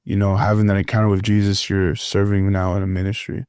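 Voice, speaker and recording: Low, mellow-voiced male host. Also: little pitch movement, quick pace, smooth, no echo, studio quality. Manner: brief affirmations, curious follow-up questions. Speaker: podcast host. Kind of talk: interview.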